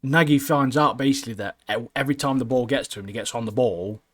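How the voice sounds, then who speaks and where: Laddish male co-host, mid-pitched, dry close recording. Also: fast, a bit bright, no echo. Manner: laddish, keeps tagging "mate" onto sentences. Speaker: podcast co-host. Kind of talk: casual chat.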